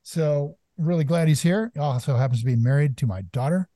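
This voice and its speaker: Older man, podcast host, jovial, mellow tone, dry close mic. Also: a little high, fairly quick, no echo. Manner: jovial, joking. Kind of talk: casual podcast chat.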